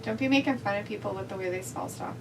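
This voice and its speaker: A woman's voice: medium pitch, quick pace, creaky. A woman co-hosting a livestream, chatting casually, reading viewer comments aloud and laughing often. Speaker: livestream co-host. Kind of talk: casual chat while watching wrestling. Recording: distant mic with faint hum.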